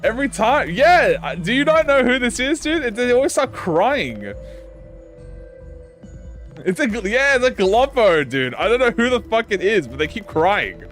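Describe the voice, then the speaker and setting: Man streaming games, lively voice, rambling and profane, lots of restarts, soft music underneath. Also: very high voice, moderate pace. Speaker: game streamer. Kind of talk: casual live-stream chat.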